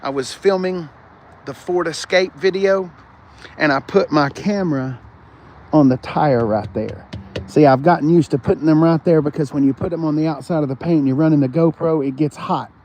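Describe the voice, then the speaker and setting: A man's voice: on the high side, normal speed, darkish tone, a little hiss or hum. A man, hosting a rambling live-streamed car walkaround, chatting with viewers as he goes. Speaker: car show host. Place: outdoors on a car lot. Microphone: phone front camera.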